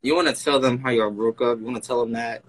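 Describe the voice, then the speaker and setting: A young man co-hosting a casual podcast, chiming in with teasing prompts and quick asides. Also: mid-range voice, steady tone, slight background noise, low-quality recording. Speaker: podcast co-host.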